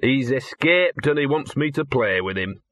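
A man's voice: medium pitch, lively intonation, moderate pace, a bit bright, dry recording, close to an everyday voice. A man voicing a scruffy, streetwise talking dog who grumbles and drawls in working-class dialect, read from an audiobook. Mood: grumbling.

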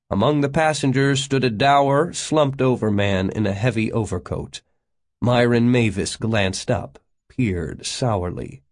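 A man narrating an audiobook in a measured, expressive reading style. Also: mid-range voice.

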